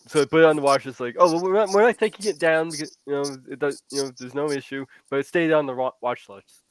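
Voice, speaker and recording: A man's voice: fairly high pitch, quick pace, no echo. A man on a video call chiming in agreeably with short remarks and explanations. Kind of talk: casual chat.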